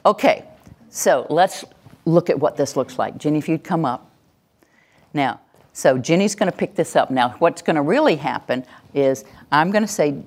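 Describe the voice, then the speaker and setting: Animated woman teaching parents. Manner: animated, swings into high gushing praise when demonstrating. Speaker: parenting workshop instructor. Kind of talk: live teaching demonstration.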